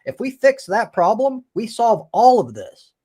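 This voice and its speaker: Brief: male stream host, slightly high voice, heated and profane in casual debate. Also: very animated, measured pace, dark tone, breathy edge. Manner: emphatic and profane, with frequent restarts.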